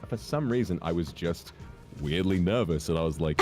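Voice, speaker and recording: A man's voice: rumbling low, a little fast, over loud music. A British man chatting as a guest, telling rambling anecdotes. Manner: rambling anecdotes with playful put-on voices. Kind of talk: casual chat.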